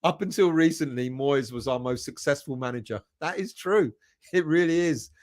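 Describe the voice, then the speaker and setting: Speaking at normal speed in a voice that's a little high, this football fan channel host runs a live stream. He keeps things casual, reading out viewers' comments and chuckling as he greets each by name.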